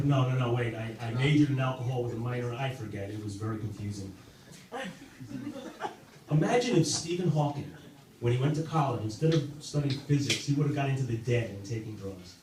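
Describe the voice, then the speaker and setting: A man doing a halting, self-deprecating stand-up set with many fillers and restarts, in a club basement with a live audience. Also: medium pitch. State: sober, in recovery. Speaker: stand-up comedian. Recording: very echoey room, distant mic, audible noise.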